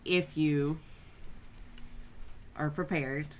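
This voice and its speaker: A woman co-hosting a casual livestream chat, relaxed and hesitant with lots of fillers. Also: low-pitched, extremely slow. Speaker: co-host.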